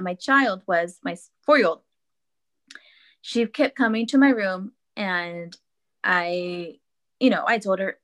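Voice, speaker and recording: A woman in her thirties speaks with an earnest, reflective warmth, telling a personal story in an easy conversational way. She restarts and repeats words often as she gathers her thoughts, and her pitch sits in an ordinary middle range. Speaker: podcast guest.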